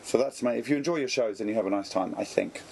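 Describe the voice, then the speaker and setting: A man in his thirties, a comedian guest in an interview, talking in a dry, deadpan, jokey way. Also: fairly low pitch, fast, vocal fry, a little hiss or hum. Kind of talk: casual interview chat. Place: backstage dressing room at a festival.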